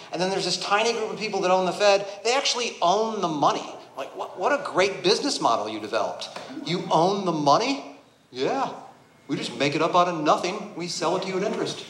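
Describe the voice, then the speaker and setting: A man doing a stand-up comedy set, ranting and swearing and building to angry shouts. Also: a little high. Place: comedy club stage before a laughing audience. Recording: roomy live venue sound.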